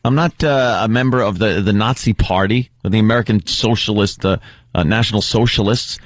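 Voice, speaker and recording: A man's voice: on the low side, a little fast, no echo. Guy on talk radio, laughing his way through a story, doing little voices, dry close studio mic. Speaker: radio show co-host. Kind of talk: casual radio banter.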